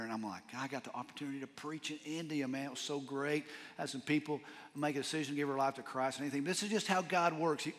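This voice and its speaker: Texan pastor guy preaching, chatty storyteller, mid pitch, long church reverb. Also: fairly bright tone. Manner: casual, storytelling, says "man" and "dude" often. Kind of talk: sermon. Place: church sanctuary.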